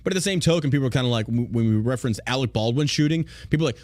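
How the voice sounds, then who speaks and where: A man's voice: mid-range voice, rapid-fire, darkish tone, no room sound. A man hosting a podcast, talking bluntly and profanely in a mocking, opinionated rant. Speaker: podcast host.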